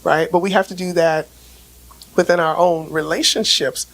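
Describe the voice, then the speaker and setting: A woman's voice, raspy and hoarse from laryngitis, talks through relationships and mental health in a relaxed podcast chat. She keeps checking in with "right?" and often repeats a word before getting a sentence going. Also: on the low side, moderate pace, low-quality recording. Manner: explains with everyday examples, frequent "right?" checks; repeats words when starting sentences. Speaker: relationship expert guest. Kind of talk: casual podcast conversation.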